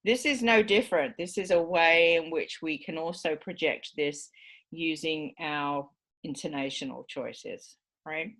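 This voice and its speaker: Low-voiced woman giving a lecture. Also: a bit bright. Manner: explanatory, many fillers, acts out example phrasings. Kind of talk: university lecture.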